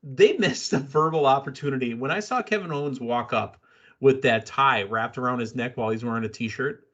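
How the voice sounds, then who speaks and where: A man's voice: mid-range voice, a little fast, fairly bright tone, lo-fi sound. A man hosting a casual wrestling podcast, blunt and opinionated, rambling through his takes. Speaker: podcast host.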